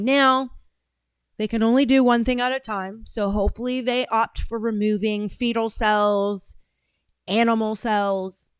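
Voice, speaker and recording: A woman's voice: mid-range voice, clear, resonant tone, no room sound. Heated, profane woman ranting. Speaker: show host. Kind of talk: casual political commentary.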